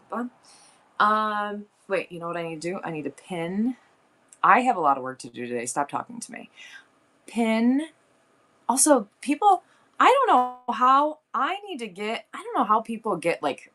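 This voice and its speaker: A woman's voice: mid-range voice, bright, forceful tone. A woman chatting casually on her seller livestream, rambling, laughing often and answering viewers' comments.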